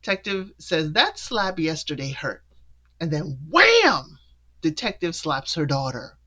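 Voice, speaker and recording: Casual recap host, acts out everyone's lines with big pitch jumps, laughs a lot. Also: animated, measured pace, bright, forceful tone.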